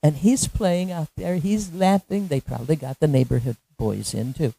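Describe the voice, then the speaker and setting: Woman preacher, sermon, animated storytelling, laughs often, mellow low voice, dry sound. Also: moderate pace, creaky, hardly any pauses, husky, no echo.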